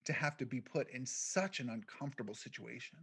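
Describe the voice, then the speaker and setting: A man of middle pitch telling his own story as a keynote talk, speaking quietly and reflectively. He leans on deliberate pauses between phrases and lets his sentences trail into short fragments. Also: gravelly, slightly rough. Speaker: keynote speaker, podcast founder.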